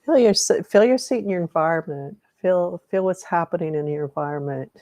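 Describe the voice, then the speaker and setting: A woman's voice: fairly low pitch, brisk, warm tone, no room sound. A middle-aged woman hosting a live-streamed energy healing meditation, rambling and correcting herself as she guides listeners and greets viewers by name.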